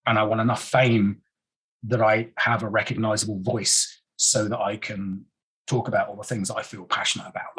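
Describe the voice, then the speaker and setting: Very husky man, earnest guest. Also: lowish voice, fairly bright tone, poor audio. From England. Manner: earnest and emotional, halting with many repeats. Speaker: podcast guest, actor. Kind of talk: casual interview talk.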